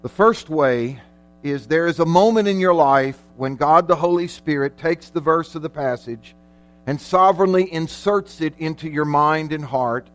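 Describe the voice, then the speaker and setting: A man preaching a sermon as pastor, emphatic, slowing down and swelling in volume on key words. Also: fairly high pitch. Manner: emphatic preaching with dramatic slowdowns and loud peaks.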